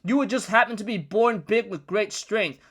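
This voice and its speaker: A man's voice: high-pitched, moderate pace, a bit bright, husky, pitched above the performer's own voice. A man reading the lines of a fierce, proud young giant woman in a heated, scolding tone. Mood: furious.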